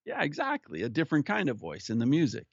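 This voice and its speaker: A man speaks as an interview guest, recounting his past in an earnest, unhurried way. His voice sits at an ordinary pitch, and the sound is a bit muffled and lo-fi. The room adds almost no reverb. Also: huge pitch swings, gravelly, breathy edge. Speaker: podcast guest who hosts his own show. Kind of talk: personal storytelling in conversation. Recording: slightly muffled audio.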